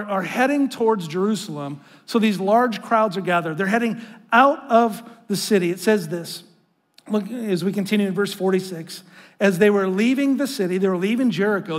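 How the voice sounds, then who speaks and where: High-voiced male pastor in a reverberant hall. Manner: conversational, earnest preaching with frequent restarts; calls the congregation to read aloud with him. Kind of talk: sermon. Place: church sanctuary. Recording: long reverb of a large hall.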